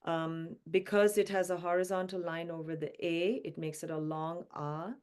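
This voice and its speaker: A woman teaching mantra pronunciation and pitch notes, explaining patiently and then chanting each line slowly. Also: flat delivery, a little mellow, smooth.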